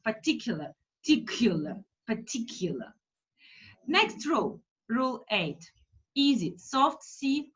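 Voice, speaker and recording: Teaching phonics online, this woman speaks slowly and with liveliness, her pitch sitting on the high side. She drills English sounds by repeating words with care. Her voice comes through a video call in flat, low-fidelity audio.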